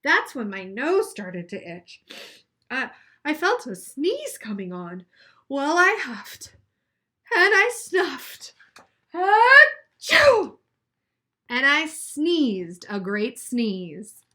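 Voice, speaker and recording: A woman reading aloud as a sly, smooth-talking male wolf telling his side of a storybook tale. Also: high-pitched, wildly swooping pitch, slow, bright, forceful tone, heavily acted. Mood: wry.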